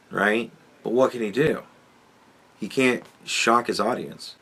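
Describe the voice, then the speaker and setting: A man's voice: lowish voice, slow, fairly bright tone, husky. A man hosting a podcast, giving a sardonic, profanity-laced commentary monologue and chuckling often. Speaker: podcast host.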